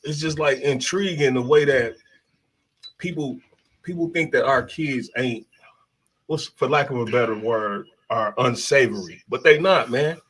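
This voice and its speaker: Earnest man with a husky voice. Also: mid-range voice, unhurried, fairly bright tone, poor audio. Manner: earnest, affirming. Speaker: guest. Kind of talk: studio discussion. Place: studio.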